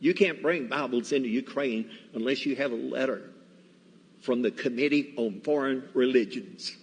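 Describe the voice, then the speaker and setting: A man voicing a stern young male soldier who speaks halting, broken English, in a sermon story. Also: medium pitch, in a large hall. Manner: gruff questioning, halting English.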